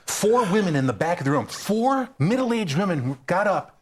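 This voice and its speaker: A male comedian tells a story with a pitch that leaps all over the place, sitting a touch higher than most men. He slips into the voices of the people he describes and throws himself into the telling. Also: brisk, few pauses. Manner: animated, acts out the people in his stories. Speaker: stand-up comedian, guest.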